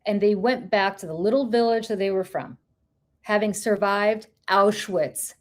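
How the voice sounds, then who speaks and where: A woman co-hosting a political podcast delivers heated commentary, ranting with passion, swearing, and throwing out rhetorical questions. Her voice is mid-range and her pace measured.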